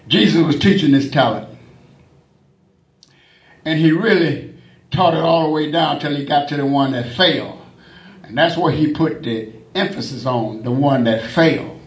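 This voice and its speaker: A man preaching a sermon, working in a refrain of "glory to God" between phrases and rising to shouts. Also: fairly high pitch, slow pace, pauses often. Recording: echoey room, mic at a distance.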